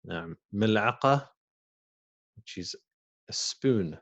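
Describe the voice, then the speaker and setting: A man with a low-pitched voice teaches a beginners' Arabic lesson. He speaks slowly and patiently, repeating each word and then giving its meaning. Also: lively intonation, fairly bright tone, highs cut off. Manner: slow and patient, repeats words and translates them. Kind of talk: recorded language lesson.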